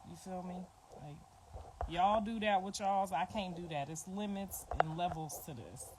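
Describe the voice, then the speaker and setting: Over a noisy background, a middle-aged woman who is a grandmother speaks to her livestream viewers in a casual, blunt, emphatic manner and keeps restating her points. Her voice is on the low side, at a moderate pace.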